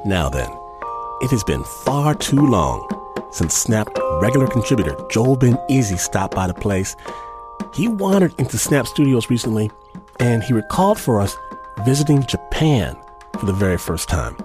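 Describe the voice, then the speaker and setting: A man hosting a radio storytelling show, reading his links with a lively, emphatic delivery. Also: medium pitch, moderate pace, music in the background. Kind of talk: scripted host narration.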